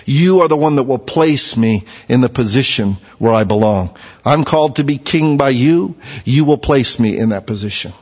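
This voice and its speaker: A man's voice: animated, moderate pace. Man preaching in a reverberant hall. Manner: swings between hushed low lines and raised emphatic ones. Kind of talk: sermon. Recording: dull sound with long hall reverb.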